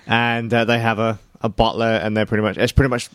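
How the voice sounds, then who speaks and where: Laid-back guy with a lowish voice, dry close mic, podcast chat. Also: little pitch movement, fairly quick, no room sound. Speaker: podcast co-host. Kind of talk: casual chat.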